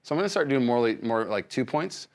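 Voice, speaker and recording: A male pastor giving a sermon, speaking conversationally with many restarts and swinging between loud emphasis and soft hushed lines. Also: medium pitch, animated, fast talker. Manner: frequent fillers and restarts, conversational preaching.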